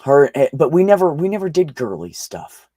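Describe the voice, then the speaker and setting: A man's voice: fairly high pitch, big pitch swings, moderate pace, mellow, no echo. Man, casual chat, swearing storyteller, dry close sound. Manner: swearing, storytelling, rambling with restarts.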